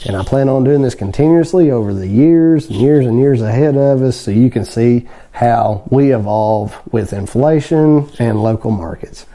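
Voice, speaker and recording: A man who runs a construction business, walking through how to price a gravel driveway and culvert job in a plainspoken, folksy way. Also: mid-range voice, moderate pace, hardly any pauses, warm tone. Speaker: construction business owner teaching bidding. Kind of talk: instructional video talk.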